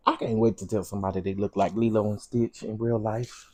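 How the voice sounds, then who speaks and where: A man's voice: on the low side, steady tone, a little fast, mellow, slight background noise. A man hosting a livestream, giving sassy, teasing live commentary with laughing asides. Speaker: livestream host.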